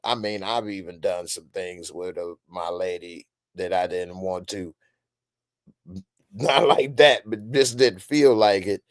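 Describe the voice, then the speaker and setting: Animated, laughing male streamer. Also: low voice, slow pace, dry recording, studio quality. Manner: animated, loud bursts, frequent laughter. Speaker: host reacting to a TV episode and reading chat. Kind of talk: casual live-stream reaction chat.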